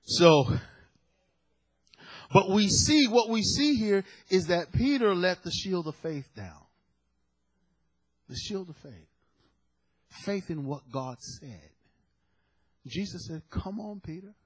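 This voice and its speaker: A man's voice: high-pitched, lively intonation, takes it slowly, pauses often. A male preacher delivering a sermon, emphatic and dramatic, repeating key phrases for effect. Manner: dramatic storytelling with sudden loud peaks.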